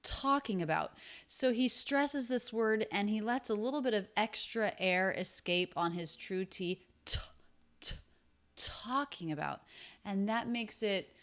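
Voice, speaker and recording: Woman teacher at mid pitch who breaks English words down slowly and repeats them. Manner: slow and deliberate, repeats sounds to show them. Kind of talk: explaining pronunciation from a film clip.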